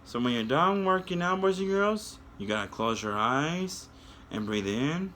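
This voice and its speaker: A man reading a children's yoga story and guiding kids through the poses in a gentle, coaxing way, talking straight to the children. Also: on the high side, expressive, unhurried, slight background noise.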